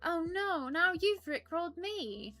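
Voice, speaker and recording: A woman doing prim, bright-voiced Mildred. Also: very high voice, sing-song, unhurried, full character voice. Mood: prim chatty. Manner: prim, polite and apologetic. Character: prim, polite woman persona named Mildred. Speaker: stream co-host reading chat. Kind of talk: casual live-stream chat.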